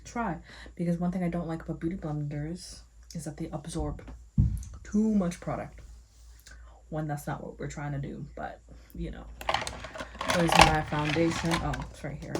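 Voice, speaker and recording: A woman's voice: low-pitched, steady tone, moderate pace, pauses often, heavy background noise. A woman vlogging at home as she gets ready, chatting casually and thinking aloud to herself. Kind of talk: casual rambling narration.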